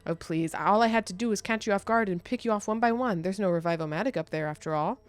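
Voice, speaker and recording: A woman reading aloud the lines of a scheming young male villain from a game, in a calm, matter-of-fact way, close to her own voice. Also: mid-range voice, quick pace, clean tone, faint music behind, lightly acted. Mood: smug.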